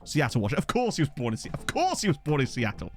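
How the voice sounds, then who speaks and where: Giggly man streaming, lively pitch. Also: racing. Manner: chatty, giggly, swears freely. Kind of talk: live-stream gameplay commentary. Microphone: desk USB condenser mic.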